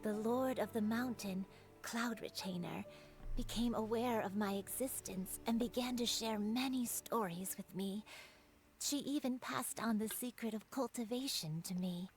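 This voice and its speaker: A gentle old grandmother spirit. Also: on the high side, a little slow, music in the background. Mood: tender. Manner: soft, tender and sorrowful, often near a whisper. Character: gentle old grandmother who was once a crane. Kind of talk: game dialogue.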